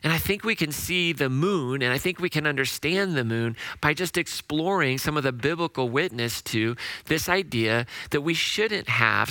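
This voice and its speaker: A male pastor delivers an earnest, conversational sermon, pausing and restarting as he goes. His voice is very bright and forward. The sound is dry and close, with no room echo. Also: mid-range voice.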